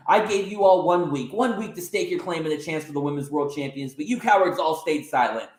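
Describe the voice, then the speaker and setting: A haughty, taunting female wrestling champion, put on by a man in a raised, somewhat higher voice. She brags without pause and sneers at everyone around her. The room adds a roomy echo. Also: close to an everyday voice. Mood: boastful.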